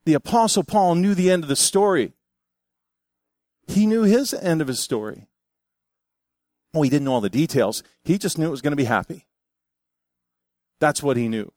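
Older man preaching an animated sermon. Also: a little high, moderate pace, no room sound, clean studio sound. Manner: animated storytelling with folksy asides. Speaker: pastor.

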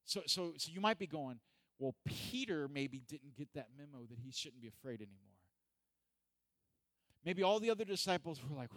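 Recorded with no echo, the pastor talks at a moderate pace in a fairly high voice. His church hall sermon is casual and full of jokes, and he animatedly acts out the different people in the story.

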